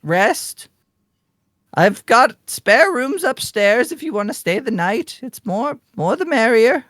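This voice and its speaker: Fussy old granny innkeeper, game master voice, high and rambling, dry sound. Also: big pitch swings, slow, fairly bright tone, dry recording. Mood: hospitable. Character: forgetful old grandmother innkeeper, hospitable.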